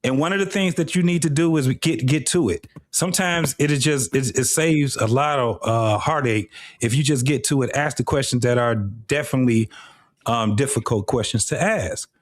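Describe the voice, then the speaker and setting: A man's voice: medium pitch, normal speed, no echo. A middle-aged man hosting a live talk show, speaking bluntly and casually with frequent profanity. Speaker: host.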